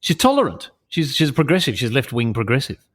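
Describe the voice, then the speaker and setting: A man co-hosting a comedy podcast, talking in animated, mock-serious banter and reading lyrics aloud with jokes. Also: medium pitch, a little fast, slightly rough. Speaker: podcast co-host.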